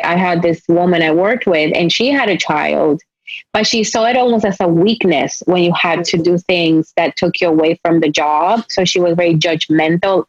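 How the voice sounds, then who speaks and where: A woman's voice: on the low side, no echo, muffled recording. A woman with a Spanish accent hosting a podcast, speaking in earnest, reflective runs in casual interview chat. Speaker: podcast host.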